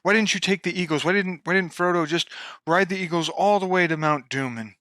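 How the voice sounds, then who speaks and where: A man imitating an elderly English author with an English accent, speaking quietly and wearily about pestering fans. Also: high voice, fairly quick, no room sound, clean studio sound, voice pushed up. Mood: exasperated.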